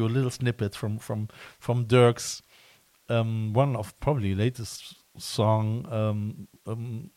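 A man hosting a casual podcast interview, talking in halting phrases full of restarts and fillers. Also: medium pitch, no room sound. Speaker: podcast host.

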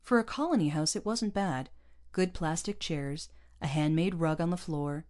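A woman narrating an audiobook in an even, measured storytelling way. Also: sits low.

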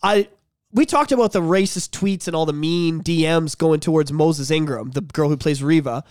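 A man hosting a casual podcast chat, excitable and swearing often, acting out scenes in voices. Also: on the high side, normal speed, clean tone, dry recording, clean studio sound. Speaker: podcast host.

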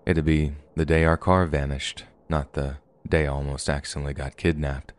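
Very deep-voiced man telling a story. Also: flat delivery, normal speed, clear, resonant tone. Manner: casual, conversational storytelling. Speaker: narrator. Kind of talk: first-person horror story narration.

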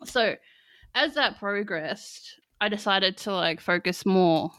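A woman's voice: mid-range voice, takes it slowly, a bit bright, dry recording. A young woman with an Australian accent, a podcast guest speaking candidly in casual conversation, laughing often and filling her sentences with "like". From country Victoria, Australia. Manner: chatty, laughs often, fills with "like".

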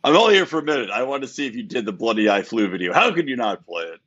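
A man calling in to a podcast with a rough, sick voice, joking and laughing as he talks. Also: medium pitch, very animated, rapid-fire, a bit bright. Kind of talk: casual chat. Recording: lo-fi call-in audio.

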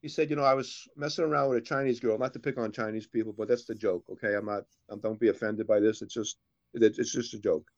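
A man's voice: lowish voice, fairly even intonation, fast talker, faint music behind. A man co-hosting a casual show, telling long jokes and putting on voices for the characters in them. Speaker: co-host. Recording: dull lo-fi sound.

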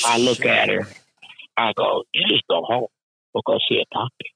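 A man telling a rowdy work story in casual chat, profane, animated and laughing often. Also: lowish voice, normal speed, creaky, crowd noise, low-quality recording.

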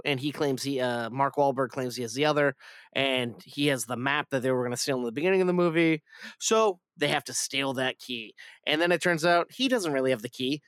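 A man's voice: mid-range voice, fairly bright tone, no echo, clean studio sound. A man hosting a casual film review podcast, rambling with lots of fillers and restarts.

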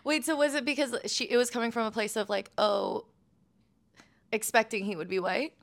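A woman's voice: fairly high pitch, steady tone, moderate pace, gravelly. A woman hosting a podcast, asking curious follow-up questions in casual conversation. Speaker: podcast host. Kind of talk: conversational interview.

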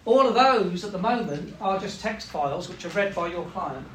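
A man's voice: high voice, lively intonation, moderate pace, reverberant, background noise. A man teaching a classroom lesson, explaining step by step, often checking in with "right?" and acting out what machines say. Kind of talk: classroom lecture.

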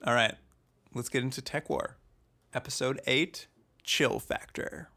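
A young man co-hosts a podcast, recapping a TV show in casual chat. His voice has a gravelly edge at a middle pitch, and his humor is dry and sarcastic. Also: a little slow, sharp tone. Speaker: podcast co-host.

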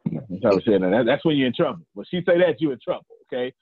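A husky-voiced man with a Southern US accent leads a group call. He talks in a folksy, repetitive way, counting down and teasing his listeners. The audio is dry and thin, like a phone line. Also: medium pitch, very animated, racing, no echo. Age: 40s. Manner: folksy, repeats phrases, counts down, teases listeners. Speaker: coach hosting a group call. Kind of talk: animated motivational coaching. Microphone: video call.

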